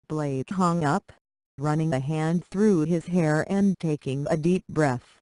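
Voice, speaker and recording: Slow, flat TTS story narrator, dry sound. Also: mid-range voice, dry recording.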